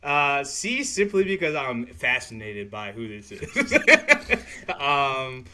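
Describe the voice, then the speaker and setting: A man co-hosting a sports podcast, chatting casually and excitably, swearing and laughing often. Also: mid-range voice, takes it slowly. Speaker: podcast co-host.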